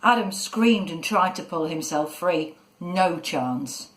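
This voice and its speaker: A woman narrating a children's story in a measured, expressive way. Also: on the low side. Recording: echoey room.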